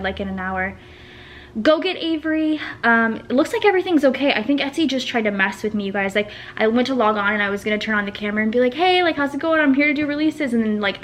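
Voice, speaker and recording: Woman vlogger, 30s, higher voice, excitable and rambling. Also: slight background noise. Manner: nervous, excitable, rambling with many restarts and fillers. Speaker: vlogger and small business owner. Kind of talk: casual vlog chat to camera.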